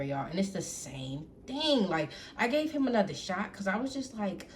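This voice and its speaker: A young adult woman telling a casual storytime to camera, animated and profane, who keeps talking straight to her audience as y'all. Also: mid-range voice. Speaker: storytime vlogger. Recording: faint background noise.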